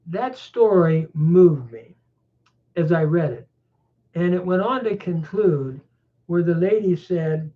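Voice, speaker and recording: A man teaching a Bible chapter verse by verse, reflective and unhurried, pausing often with small fillers. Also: on the high side, animated. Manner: reflective, with frequent pauses and fillers. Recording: tinny phone-like sound.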